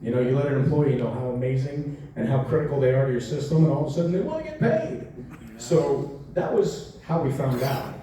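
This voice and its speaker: With a mid-range voice running a little fast, a man in his forties answers fans' questions as an actor on a convention panel. His storytelling is animated, full of acted-out quotes and frequent laughs, recorded from far off in a large, echoing hall with faint noise.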